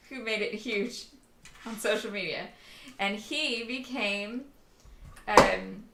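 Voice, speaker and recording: A woman's voice: on the high side, sharp tone, slight background noise. A woman hosting a live crafting stream, chatting casually, laughing often and talking herself through her work. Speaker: crafting livestream host. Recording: roomy echo.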